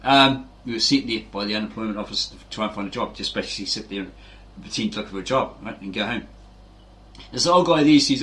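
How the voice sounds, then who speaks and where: A man's voice: lowish voice, fast talker. Rambling man telling stories. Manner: animated, acts out quoted voices, frequent "right?" tags. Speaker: fitness video host. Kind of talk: rambling casual storytelling.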